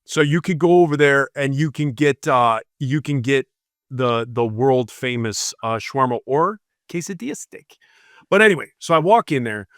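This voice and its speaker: A man's voice: mid-range voice, expressive, moderate pace, a bit bright, dry recording, clean studio sound. A man, a police officer, casually telling a rambling story on a podcast and acting out the people in it. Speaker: podcast co-host.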